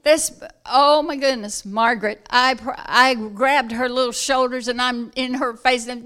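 A woman from South Georgia, telling a personal story in casual talk, animated and acting out the voices of the people in it. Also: on the high side, unhurried, clear, resonant tone. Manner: animated, acts out quoted voices loudly, laughs while telling. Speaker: guest telling a testimony.

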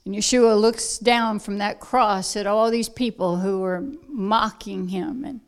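A woman preacher delivers a sermon slowly and deliberately, leaning into emphatic lines before dropping to soft, quiet asides. Her mid-range voice keeps a steady tone throughout.

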